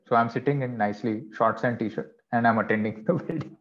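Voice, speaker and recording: A man's voice: mid-range voice, fast talker, hardly any pauses, highs cut off. A man teaching vocabulary in an online class, explaining patiently with chatty asides. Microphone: video call.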